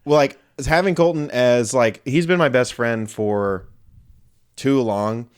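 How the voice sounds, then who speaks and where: A man's voice: mid-range voice, slow, smooth. Young male co-host, casual banter, joking, teasing, mid-range voice. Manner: joking, teasing, laughing, goofy put-on voices. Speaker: podcast co-host. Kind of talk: casual chat.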